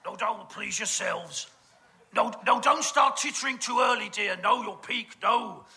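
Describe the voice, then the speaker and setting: A man's voice: high-pitched, a little slow, pushed and bright, slight background noise. A man with a British accent doing a camp, gossipy stage comedy monologue full of innuendo. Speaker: comic performer.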